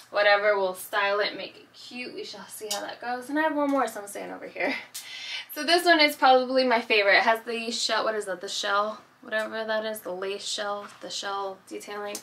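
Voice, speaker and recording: A woman's voice: medium pitch, pushed and bright. A woman chatting casually through a shopping haul vlog. She rambles and pokes fun at herself. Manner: chatty, rambling, self-deprecating. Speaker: YouTube vlogger.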